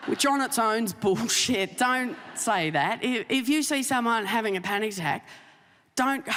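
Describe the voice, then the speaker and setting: Animated self-mocking woman comic in a hall. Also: on the high side, normal speed, slight background noise. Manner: animated, self-mocking, with frantic inner-monologue bits. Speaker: stand-up comedian. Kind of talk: stand-up comedy.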